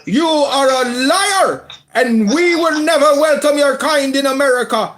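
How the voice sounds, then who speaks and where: Very high-voiced man with mock accent. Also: measured pace. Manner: exaggerated put-on Jamaican-style accent; shouting insults, mocking laughter. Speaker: audio chat room participant. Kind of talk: heated political argument in a live audio room.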